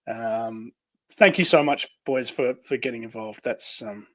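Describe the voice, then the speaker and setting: A man's voice: mid-range voice, unhurried, fairly bright tone. A man with an Australian accent co-hosting a casual livestream, reading out viewer comments, with many fillers and frequent laughs. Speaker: livestream co-host.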